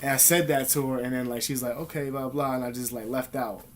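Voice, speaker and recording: A man vlogging in a rambling, profane, animated storytelling monologue. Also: medium pitch, fairly quick, slight background noise. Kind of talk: casual monologue.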